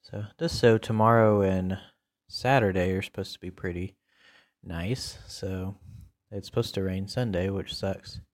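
A man's voice: low-pitched, fairly even intonation, a little slow. A man hosting a casual solo podcast, talking in a rambling, laid-back way with many fillers. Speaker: podcast host.

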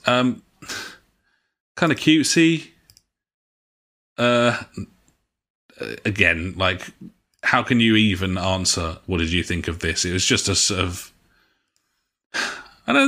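Lower-voiced podcast co-host. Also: male voice, very animated, measured pace, pauses often, bright, forceful tone. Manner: casual, swears, hesitant fillers. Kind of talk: casual gaming podcast chat.

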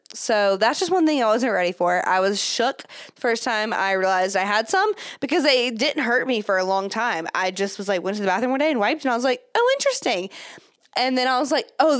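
A woman's voice: mid-range voice, smooth, no echo, clean studio sound. A pregnant young woman hosting a podcast, chatting candidly with lots of fillers and little laughs. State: pregnant, third trimester. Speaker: podcast host. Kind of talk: casual chat.

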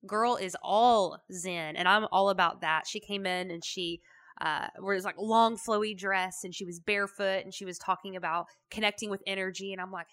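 Gravelly bright woman podcaster. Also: mid-range voice, fairly even intonation, normal speed. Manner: chatty, emphatic, folksy. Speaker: podcast host. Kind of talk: motivational podcast monologue.

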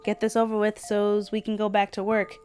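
A brisk, folksy small-town official calls out names with a raised, cheerful drawl, as a woman puts him on. The voice sits at a middle pitch. Faint music runs underneath. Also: completely flat delivery, a little mellow, lightly acted.

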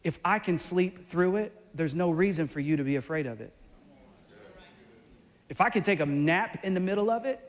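High-voiced man preaching animatedly. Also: moderate pace, pauses often, big-room sound. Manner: animated, playful, bursts into shouts. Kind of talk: sermon.

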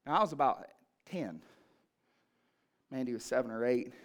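A male pastor preaching in church, moving from shouted fervor to quiet, low storytelling. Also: expressive, normal speed. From Ohio, USA. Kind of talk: sermon. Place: church sanctuary.

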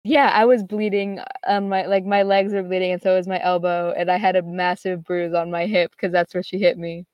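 Speaking a little fast in a level tone, this teen girl has a voice on the low side. Her casual, filler-heavy chat winds through a lengthy tale where she quotes what others said. There's no echo, though the audio sounds muffled.

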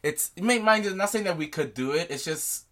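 Man podcast co-host, bright tense voice, slangy and reactive in a casual chat. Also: a little high, lively intonation. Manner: reactive, quick slangy interjections. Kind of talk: casual book discussion.

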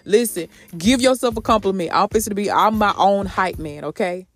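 A woman's voice: medium pitch, a little fast. A woman hosting a motivational podcast, talking in a sassy, preachy way, calling her listeners sis and honey. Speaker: podcast host.

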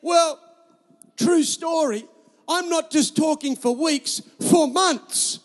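A man's voice: very high voice, slow pace, in a large hall. A man, a pastor preaching a sermon with emphatic repetition and storytelling.

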